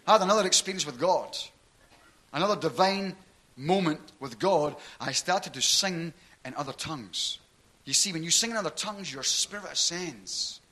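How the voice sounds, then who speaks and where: A man's voice: on the high side, expressive, normal speed, bright, forceful tone. A middle-aged man, telling his conversion story in a sermon and often checking in with "right?". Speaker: preacher giving testimony. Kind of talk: sermon testimony.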